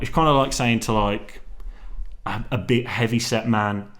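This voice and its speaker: A man's voice: on the low side, fairly even intonation, moderate pace, fairly bright tone. A young man talking casually to camera, rambling and slangy, with lots of restarts and swearing. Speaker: vlogger. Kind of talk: casual solo vlog chat.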